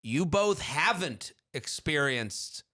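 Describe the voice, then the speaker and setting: A man's voice: a little high, big pitch swings, slow, pushed and bright. A man co-hosting a podcast in casual chat, blunt and joking. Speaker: podcast co-host.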